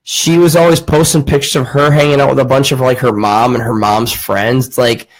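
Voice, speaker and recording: A man's voice: mid-range voice, steady tone, a little fast, low-quality recording. A man hosting a casual podcast, telling a long story as a profane rant. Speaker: podcast host. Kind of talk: casual chat.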